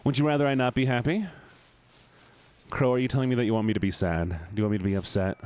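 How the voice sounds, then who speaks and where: A man streaming live, chatting casually with his audience in an excitable, playful, teasing way. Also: fairly low pitch, fast.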